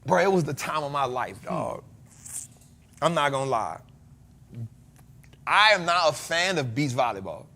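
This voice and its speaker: Animated, high-voiced American man. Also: a little slow, long pauses. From United States. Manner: animated, joking, bursts of loud exclamations. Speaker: podcast host. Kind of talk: casual chat.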